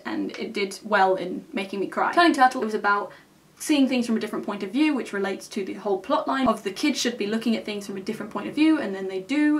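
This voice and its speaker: A woman's voice: medium pitch, recorded from a distance. A young woman reviewing a film in a casual, enthusiastic way, often ending her points with a questioning "okay?". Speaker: film vlogger.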